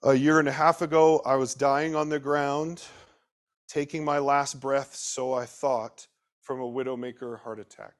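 A man preaching a sermon, swinging between loud emphatic bursts and quiet, slowed asides, and putting questions straight to his listeners. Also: mid-range voice, little pitch movement. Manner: talks directly to the listeners with questions.

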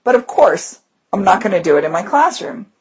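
A woman's voice: mid-range voice, brisk, dull audio, a little hiss or hum. A woman teacher co-hosting a podcast, chatting casually and animatedly about her classroom. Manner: animated storyteller, breaks into voices. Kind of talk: casual chat.

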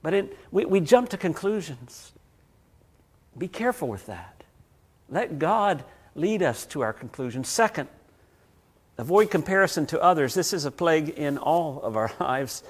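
A man preaching a sermon as pastor. He tells stories, swinging between loud passages and hushed ones. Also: fairly high pitch, very animated, moderate pace.

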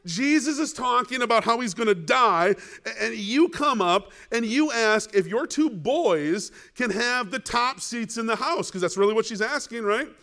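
A man's voice: extremely high pitch, normal speed, few pauses. A male pastor preaching a sermon, asking the congregation questions and acting out the people in the story. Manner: animated, rhetorical questions, acts out biblical characters.

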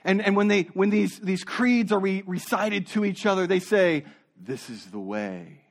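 A man preaching a sermon as a pastor, earnest, dropping low and soft for emphasis and often repeating words as he searches for them. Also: steady tone, moderate pace, gravelly.

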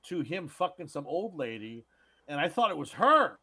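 A man's voice: fairly high pitch, big pitch swings, normal speed, bright, forceful tone. A man co-hosting a podcast, rambling crudely about a film and retelling its scenes. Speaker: podcast co-host. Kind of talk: casual film chat.

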